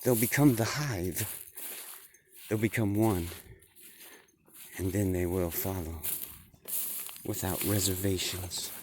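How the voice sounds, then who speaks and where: A man voicing scheming planners who calmly lay out a plot to control people. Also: sits low, slow pace, long pauses, a little hiss or hum, pitched below the performer's own voice.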